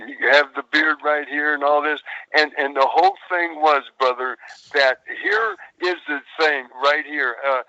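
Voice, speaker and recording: A man's voice: on the high side, pushed and bright, no echo. An older man, a retired wrestler, telling stories as a podcast guest, rambling and repeating words, calling the host brother and man. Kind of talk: animated storytelling interview. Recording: dull phone-like call line.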